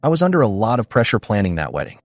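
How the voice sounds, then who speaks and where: Casting: a man voicing a bitter stepmother, curt, low-pitched read, lively lilt. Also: very fast, dry recording, soft background music. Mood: angry. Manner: curt, defensive. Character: resentful defensive woman, stepmother.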